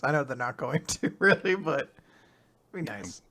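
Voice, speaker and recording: Brief: man, middle pitch, co-host, terse wry remarks. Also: animated, unhurried, gravelly, sharp tone, no room sound. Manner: short dry interjections. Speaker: podcast co-host. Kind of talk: casual chat.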